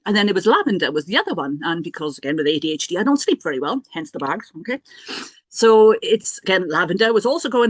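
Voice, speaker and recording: A woman's voice: mid-range voice, very animated, quick pace, breathy edge, no room sound. A middle-aged woman, a priestess and healer, telling a personal story in a chatty, self-mocking way with many restarts and asides.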